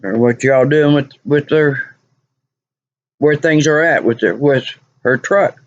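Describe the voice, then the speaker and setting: A woman's voice: very deep voice, slow pace, dry recording, dull audio. Exasperated woman telling a story. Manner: exasperated, repeats lines for emphasis. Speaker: vlogger. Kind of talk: animated personal storytelling.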